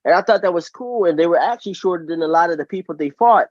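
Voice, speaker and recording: A man hosting a casual podcast chat, enthusiastic and rambling, with quick apologetic asides. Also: on the high side, darkish tone, no room sound, muffled recording. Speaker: podcast host.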